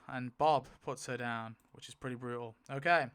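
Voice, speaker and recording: A man thinking aloud in casual commentary as he spins a wheel to rewrite a story, swinging to loud outbursts. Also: mid-range voice, fairly even intonation, unhurried, clear, resonant tone. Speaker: YouTuber.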